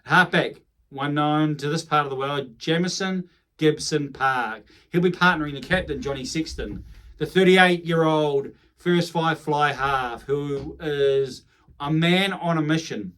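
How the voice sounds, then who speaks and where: A man with a New Zealand accent talks through a rugby preview in a casual, rambling way. His voice sits a little high. He corrects himself as he goes and drifts into chatty asides. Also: unhurried, a bit bright. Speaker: rugby commentator.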